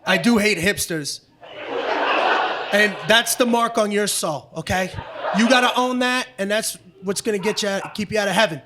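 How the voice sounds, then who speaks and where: A middle-aged man doing stand-up comedy on a club stage, brash, profane and often shouting. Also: high voice, normal speed. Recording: live club audio with background noise.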